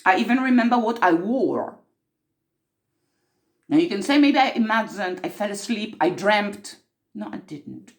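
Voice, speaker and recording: A woman's voice: medium pitch, animated, a little slow, pauses often. A woman playing an earnest mystic who tells of time slips in an improvised monologue, intense and repeating herself for emphasis.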